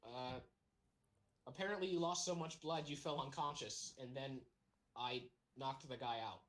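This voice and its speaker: A woman's voice: a bass voice, normal speed. A woman playing a tabletop game, blunt and sweary. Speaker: player. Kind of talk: tabletop role-play.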